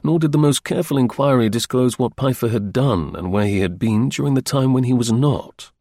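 This is a man with a mid-range voice narrating an audiobook, his storytelling calm and even. The sound is clean studio audio with no room sound.

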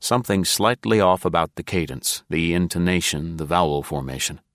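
A man narrating a suspense novel in a steady, measured audiobook reading. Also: low voice, dry recording, studio quality. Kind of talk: scripted narration.

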